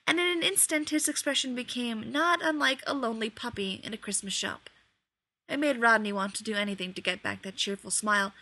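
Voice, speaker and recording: A woman reading a story aloud in an expressive, lively way. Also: on the high side, no room sound. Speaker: reader. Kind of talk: storybook narration.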